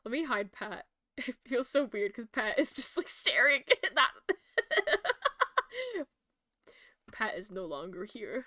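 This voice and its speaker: High, bright, giggly woman streamer. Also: expressive, slow, pauses often, dry recording, clean studio sound. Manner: giggly, chatty. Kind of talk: casual gameplay commentary.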